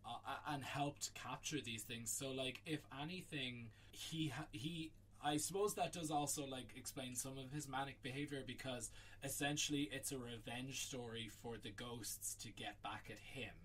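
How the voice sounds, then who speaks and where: A man's voice: medium pitch, normal speed, few pauses, a bit bright, slight background noise. Co-host man, rambling swearing film chat, far from mic. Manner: rambling, swears often, laughs a lot. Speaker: podcast co-host.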